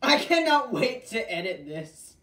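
A woman's voice: a little high, very animated, unhurried, a crowd in the background. A woman hosting a game stream in casual chat, teasing her co-player and laughing often. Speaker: stream host. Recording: roomy, distant mic, noisy.

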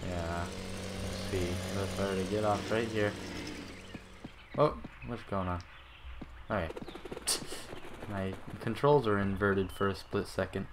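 A man with a low voice drifting through a casual game commentary at an unhurried crawl, full of fillers and restarts. A clear hiss of noise sits under his voice. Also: steady tone. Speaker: gaming channel host. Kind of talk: casual let's-play commentary.

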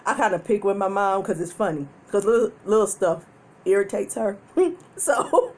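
A woman hosting a mukbang, chatting casually to viewers while she eats and telling stories animatedly, with frequent laughter and loud whoops. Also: mid-range voice, lively intonation, normal speed. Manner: chatty, addresses viewers directly. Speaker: mukbang host. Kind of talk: casual chat while eating.

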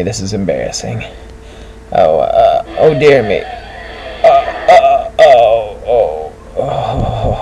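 A man's voice: on the low side, gravelly, dark tone, slight background noise, heavily acted, rough recording. A man voicing a corny, rambling male bulldog comedian who tells groaning puns and keeps getting tongue-tied. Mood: embarrassed. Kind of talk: comic character monologue.

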